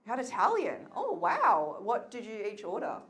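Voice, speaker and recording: A woman's voice: on the high side, wildly swooping pitch, moderate pace. An Australian woman doing stand-up comedy into a handheld mic, teasing the audience with incredulous questions and laughing as she talks. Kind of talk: stand-up crowd work. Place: comedy venue with a live audience. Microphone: handheld microphone. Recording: live club recording, loud crowd noise.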